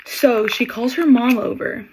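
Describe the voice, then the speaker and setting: A woman's voice: on the high side, unhurried, noisy background. A young woman casually telling a story from her retail job, acting out what each person said. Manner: chatty, acts out customers' lines in quotes. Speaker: Sephora employee telling a story.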